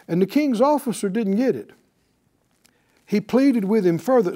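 A man's voice: sits high, measured pace. A man teaching a sermon, asking rhetorical questions and acting out the people in the story. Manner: animated, acts out quoted voices, rhetorical questions. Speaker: preacher.

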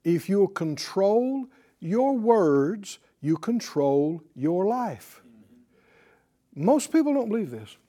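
Animated, high-pitched male preacher. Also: takes it slowly. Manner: animated, asks the congregation questions, quotes scripture; chuckles between points. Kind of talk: sermon.

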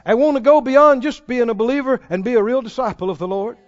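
Preacher, male, very high voice, slow deliberate delivery, dull lo-fi sound. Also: long reverb tail. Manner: preaching with dramatic swings between loud and hushed. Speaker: pastor. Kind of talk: sermon. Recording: dull lo-fi sermon recording.

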